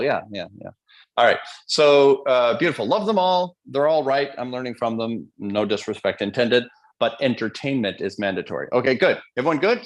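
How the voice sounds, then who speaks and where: A man hosting a live online seminar as a motivational coach, talking energetically and playfully, addressing the audience directly. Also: medium pitch. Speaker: motivational coach, event host.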